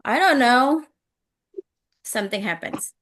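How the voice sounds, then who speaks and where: Give me a woman teacher, fairly high voice, coaxing her class through questions. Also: animated, measured pace, a bit bright. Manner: coaxing, quizzes students by name, frequent "oke". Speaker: English teacher. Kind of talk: interactive online class, repeating each English phrase in Indonesian.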